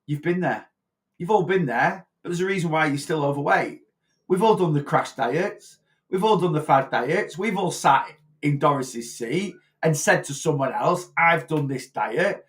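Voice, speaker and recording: A man's voice: a little high, fairly bright tone. Chatty man giving blunt advice. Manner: blunt, chatty, tag questions like "right?". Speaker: weight-loss vlogger. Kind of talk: casual advice chat.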